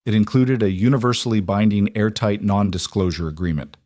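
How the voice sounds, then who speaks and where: A man reading the lines of a smooth, condescending British lawyer. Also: lowish voice, fairly quick, a little mellow, dry recording, studio quality, natural voice.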